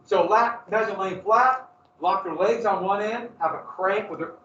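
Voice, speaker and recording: A male history teacher lecturing a class in lively storytelling style and throwing questions to the students. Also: high voice, moderate pace. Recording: echoey classroom from far off, dull lo-fi.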